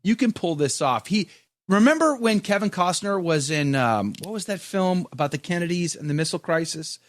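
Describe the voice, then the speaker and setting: Man, podcast host, lively up-and-down voice, dry close sound, jokey. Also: sits high, moderate pace, no room sound. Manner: animated, joking, reads viewer comments aloud. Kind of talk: casual chat reading live comments.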